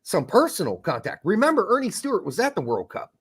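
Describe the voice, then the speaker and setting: Male co-host, blunt and profane, slightly high, very animated delivery. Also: fast talker, breathy edge. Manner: blunt, profane, jumps into mock voices. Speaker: podcast co-host. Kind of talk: casual chat.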